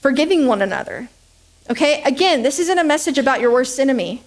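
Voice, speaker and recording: A woman's voice: high-pitched, animated, fast talker. A young adult woman preaching a conversational sermon, joking at her own expense and checking in with "okay?" and "right?". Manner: chatty, joking, self-deprecating, asks "okay?" and "right?" often. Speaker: speaker at a church service.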